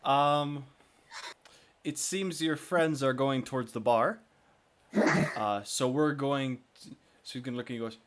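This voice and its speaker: A man as game master narrating a tabletop game in a casual, halting way. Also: medium pitch.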